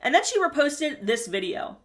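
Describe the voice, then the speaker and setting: Woman doing a reality tv recap, kinda high voice, blunt and snarky. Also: sing-song, normal speed. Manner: blunt, sarcastic, profane. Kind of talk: casual commentary.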